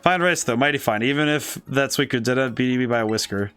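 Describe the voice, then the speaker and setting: A man's voice: mid-range voice, fairly quick, fairly bright tone, clean tone, faint music behind, close to an everyday voice. A man with a dry, cracking throat reading the lines of a folksy old man who hands out snacks, full of homespun, old-fashioned sayings.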